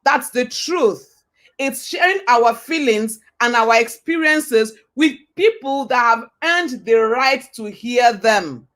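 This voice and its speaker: In a fairly high voice, a motivational speaker hammers her points home, repeating them and firing rhetorical questions at listeners. Her emphatic delivery has a preacher's cadence, and she quotes scripture.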